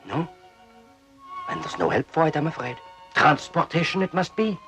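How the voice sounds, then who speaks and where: A man's voice: fairly high pitch, sing-song, normal speed, a bit bright, soft background music, rough recording. An actor playing an English hero disguised as a mad old male judge, speaking in a playful, mock-menacing way. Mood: teasing. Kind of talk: 1950s television drama acting.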